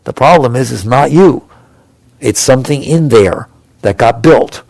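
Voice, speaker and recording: A man's voice: mid-range voice, lively intonation, a little slow, vocal fry, darkish tone, dry recording. A man speaking as a spiritual teacher to a live audience, conversational and emphatic, asking rhetorical questions and repeating points for stress.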